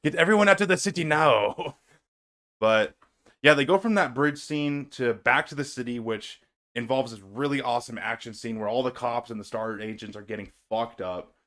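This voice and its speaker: A man's voice: mid-range voice, moderate pace, fairly bright tone. A man hosting a casual movie discussion, talking loosely with frequent swearing and laughs. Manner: loose, profane, laughs easily. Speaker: host.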